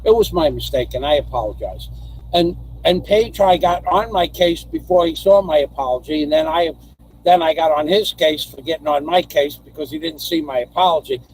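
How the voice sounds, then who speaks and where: An older man hosting a live stream, rambling in a theatrical, self-mocking way with loud outbursts. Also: on the high side, slight background noise, rough recording.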